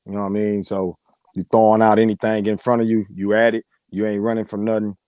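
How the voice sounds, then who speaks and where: Laid-back slangy man with a mellow voice. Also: fairly low pitch, flat delivery, quick pace, no room sound. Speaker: co-host of a sports talk show. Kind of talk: casual sports chat.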